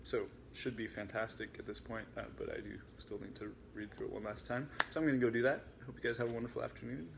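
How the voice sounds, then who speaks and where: A man reading aloud from his own book in a relaxed way, with chatty asides. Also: mid-range voice, quick pace, gravelly, few pauses, very noisy.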